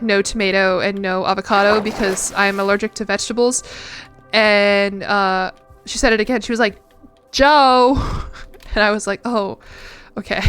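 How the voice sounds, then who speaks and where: A woman's voice: medium pitch, a bit bright, clean tone. A young woman streamer chatting casually while playing a game, rambling and self-deprecating with frequent giggles. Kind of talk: casual chat while gaming.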